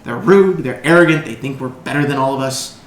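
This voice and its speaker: A man's voice: mid-range voice, brisk, slight background noise, natural voice. A man plays a village stall keeper in a tabletop game, world-weary and grumbling but friendly with customers. He talks in a casual, everyday way, and the sound is roomy. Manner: grumbling, then folksy and salesy.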